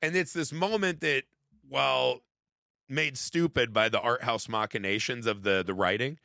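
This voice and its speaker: A man's voice: mid-range voice, normal speed, gravelly, no echo, studio quality. A young man co-hosting a movie podcast, talking casually and profanely and acting out lines from films. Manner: profane, animated, acts out movie quotes. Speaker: podcast co-host. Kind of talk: casual chat.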